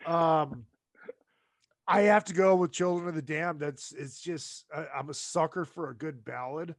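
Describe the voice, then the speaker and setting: A man co-hosting a podcast in casual chat, animated and swearing freely. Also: on the high side, a little slow, no echo, clean studio sound. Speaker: podcast co-host.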